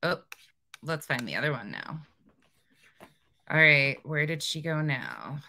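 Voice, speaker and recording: A woman casually commenting on video clips she is watching, with wry, drawn-out asides. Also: low voice, sing-song, sharp tone. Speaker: reaction commentator.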